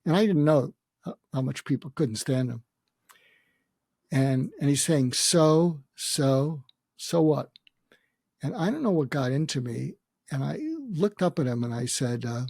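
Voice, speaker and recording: An older man, a podcast guest, telling a personal story reflectively, pausing often and quoting what others said. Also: medium pitch, vocal fry, a little mellow, no echo, clean studio sound. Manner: reflective, with many hesitations and quoted dialogue. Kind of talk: storytelling in a conversation.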